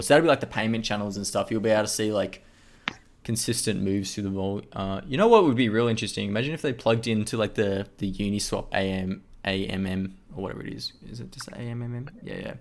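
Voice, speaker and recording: A man's voice: fairly low pitch, quick pace. A man hosting a casual discussion in a loose, jokey way, full of filler words. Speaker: podcast host.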